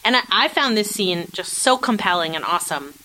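A woman's voice: mid-range voice, expressive, a little fast, bright, forceful tone, slight background noise, rough recording. A woman co-hosting a casual podcast, chatting animatedly and acting out quotes from a TV episode. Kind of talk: casual chat recapping a TV episode.

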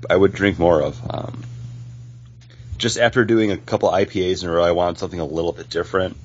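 A man's voice: low voice, fairly even intonation, fast talker, dull audio, slight background noise. A man co-hosting a casual podcast, rambling with lots of fillers as he talks. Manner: rambling, many fillers and restarts. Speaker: podcast co-host. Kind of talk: casual chat.

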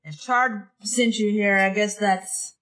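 A woman's voice: mid-range voice, steady tone, slow pace, a bit bright, poor audio. A woman running a tabletop game as game master, chatty and often laughing. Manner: laughing, self-conscious, chatty.

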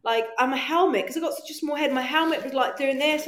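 Animated woman telling stories in an echoey room. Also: high voice, fast, hardly any pauses, crowd noise. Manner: animated, swears freely, acts out her own past voice. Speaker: podcast guest. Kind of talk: casual storytelling chat.

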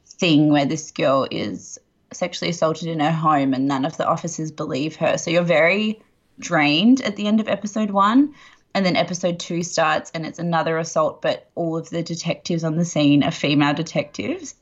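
A woman's voice: deep voice, moderate pace, dull audio. A woman co-hosting a podcast, chatting casually and gushing, with lots of fillers. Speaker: podcast co-host. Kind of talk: casual chat.

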